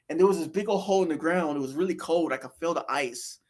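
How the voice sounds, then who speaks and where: Talking fast in a slightly high voice, a man recounts his brush with death as a guest, rambling casually with many fillers and restarts.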